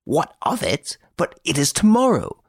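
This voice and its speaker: A man voicing an anxious, wealthy old baron who pleads in a shrill, agitated voice in an audiobook. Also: very animated, moderate pace, no echo, clean studio sound. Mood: alarmed. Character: anxious rich old male baron, frantic. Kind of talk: audiobook character voice.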